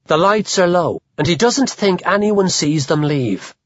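A man narrating an audiobook in a wry, expressive way. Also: sits high, unhurried, dry recording, lo-fi sound.

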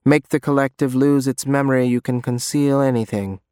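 A man voicing a menacing adult man in an audiobook, speaking low and urgent. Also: fairly even intonation, moderate pace, darkish tone, clean tone, no room sound, clean studio sound, lightly acted. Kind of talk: audiobook character voice.

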